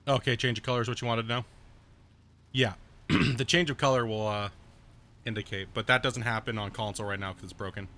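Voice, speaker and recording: A man's voice: steady tone, fairly quick, sharp tone. A man streaming a video game at home, thinking aloud and correcting himself as he plans his next moves. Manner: baby-talks to his cat in a high voice. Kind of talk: casual game commentary.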